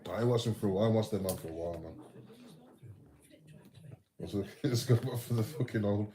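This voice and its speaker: A man's voice: on the low side, a little fast, dark tone, low-quality recording. A man from England, bantering with viewers on a casual livestream in sweary, slangy chat. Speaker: livestream host. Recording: music playing behind the voice.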